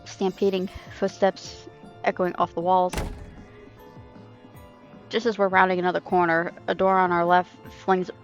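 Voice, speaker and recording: A woman reading a dark first-person story aloud on a stream, intense and halting, with restarts. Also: lowish voice, flat delivery, muffled recording, soft background music. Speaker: reader. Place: home streaming setup. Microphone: streaming mic.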